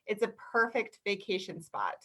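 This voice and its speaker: A woman's voice: mid-range voice, sing-song, normal speed, fairly bright tone. A woman from Utah, a guest on a podcast, talking in a cheerful, easygoing way. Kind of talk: casual podcast chat.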